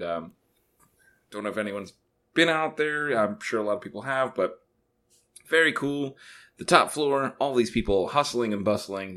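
Guy on a podcast, lowish voice, chatty and rambling, acts out the back and forth. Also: fairly bright tone. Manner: rambling anecdote with mimicked dialogue. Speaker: podcast co-host. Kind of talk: casual chat, storytelling. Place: bathroom at home.

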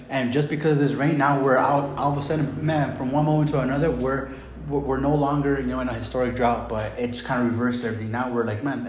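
A man's voice: mid-range voice, roomy sound, a little hiss or hum, rough recording. A male pastor preaching a sermon in a casual, conversational way, often saying "man" and "right?".

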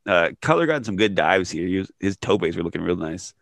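A man co-hosting a podcast, recapping wrestling in casual chat, excitable and laughing often. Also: low-pitched, brisk, vocal fry, dry recording, clean studio sound. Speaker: podcast co-host.

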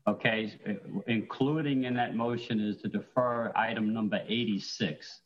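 A fairly low-voiced man chairs a council meeting, moving item by item through motions and objections at a measured, procedural pace. The sound is dull and lo-fi, like remote meeting audio. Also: steady tone. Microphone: remote call-in audio.

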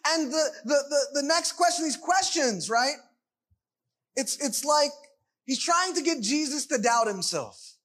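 A man's voice: very high-pitched, lively intonation, normal speed, a bit bright. A man preaching a sermon, emphatic and full of rhetorical questions.

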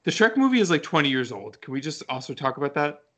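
A young man co-hosting a podcast in casual chat, excitable and chatty, often trailing off mid-sentence. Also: on the high side, fast, background noise. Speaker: podcast co-host.

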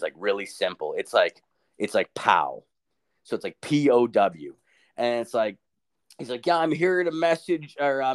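A young man telling a crude story in casual chat, swearing constantly and acting out what people said. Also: medium pitch. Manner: profane, animated, quotes people in funny voices.

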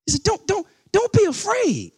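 A man's voice: very high voice, huge pitch swings, moderate pace, darkish tone, no echo, clean studio sound. A middle-aged man preaching a sermon as pastor, speaking conversationally with asides to the congregation and building into rising outbursts with repeated phrases.

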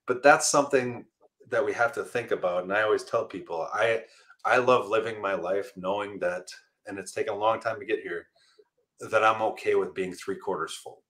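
Middle-aged male guest, low bright voice, lively storyteller who laughs a lot. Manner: animated storyteller, laughs often, acts out quoted voices. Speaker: guest, motivational speaker and firefighter. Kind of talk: storytelling interview answer.

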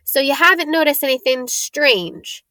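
A woman voicing a gruff giant male gamekeeper with a rural English dialect, talking loud and blunt. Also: sits high, lively intonation, measured pace, no room sound, studio quality, voice pushed up, heavily acted. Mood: impatient.

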